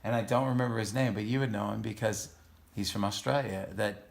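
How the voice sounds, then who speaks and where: A man, a musician, in casual chat who speaks haltingly and searches for his words. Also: lowish voice, fairly even intonation, gravelly. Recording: echoey room.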